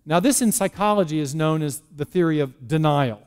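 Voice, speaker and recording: High-voiced man lecturing in a church. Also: lively intonation, fairly quick, a little mellow, smooth. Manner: storytelling, with restarts and rhetorical questions. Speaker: speaker giving a church lecture. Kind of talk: lecture on science and faith. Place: church hall.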